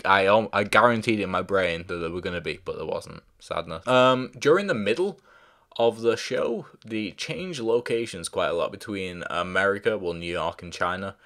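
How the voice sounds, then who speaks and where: A show reviewer gives a casual, rambling spoken review, stumbling over fillers and restarts and apologising when he forgets names. His voice sits low and a bit bright, at a moderate pace.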